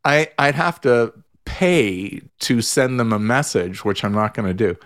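A man's voice: mid-range voice, a little slow, fairly bright tone. A man, a therapist guest in a casual radio chat, telling an exasperated story full of restarts.

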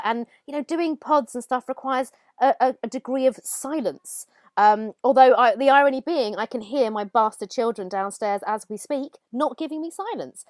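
A woman's voice: sits high, darkish tone, dry recording, clean studio sound. A woman co-hosting a podcast, chatting frankly and mocking herself. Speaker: podcast co-host. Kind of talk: casual chat.

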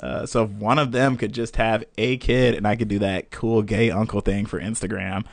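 A young man chatting as a podcast guest, animated and joking, laughing often. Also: fairly low pitch, moderate pace, vocal fry, no echo. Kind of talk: casual interview chat.

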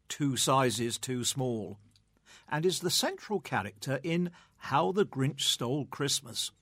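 A man's voice: mid-range voice, a bit bright, slightly rough, no echo, clean studio sound. A man presenting a scripted segment in an informative manner, with faint music underneath. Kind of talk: scripted narration.

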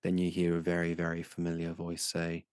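A man running a tabletop game as game master, narrating scenes in a measured, descriptive way. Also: low voice, monotone, darkish tone, no echo, studio quality.

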